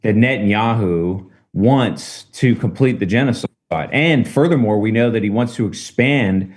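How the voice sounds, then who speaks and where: A man with a lowish voice speaking in a casual political discussion. He builds his points steadily and leans on rhetorical questions. His delivery is measured but emphatic. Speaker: political commentator.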